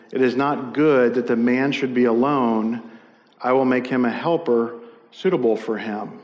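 A man's voice: mid-range voice, big-room sound. A middle-aged man preaching a conversational sermon as a pastor, with frequent fillers and self-corrections.

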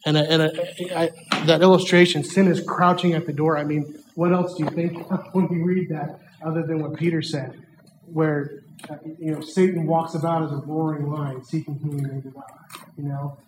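A man preaching a children's sermon in a church hall, animated and asking the kids questions. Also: fairly high pitch, normal speed, noisy background.

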